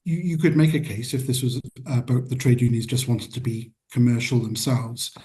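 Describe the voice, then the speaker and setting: A man's voice: medium pitch, normal speed, warm tone. A man being interviewed about trade union work, answering earnestly and restarting his words often. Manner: hesitant, repeats words, earnest.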